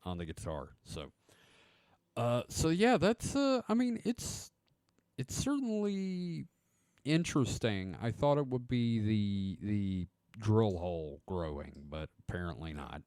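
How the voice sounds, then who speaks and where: A man's voice: lowish voice, takes it slowly, smooth, no room sound. A man co-hosting a podcast, chatting casually and joking with swearing. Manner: joking, swears, lively reactions. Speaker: podcast co-host. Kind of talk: casual chat.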